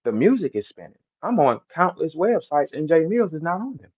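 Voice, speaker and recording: A man's voice: fairly high pitch, sing-song, fairly quick, husky, highs cut off. A man from St. Louis with a St. Louis accent, boasting and trash-talking in a brash, repetitive live-stream rant. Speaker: battle rapper hosting a live audio room.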